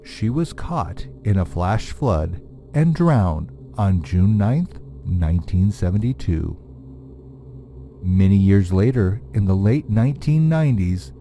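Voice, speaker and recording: A man's voice: lowish voice, dark tone. Man reading ghost stories aloud. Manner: measured, suspenseful reading. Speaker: narrator of listener-submitted ghost stories. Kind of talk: scripted storytelling narration.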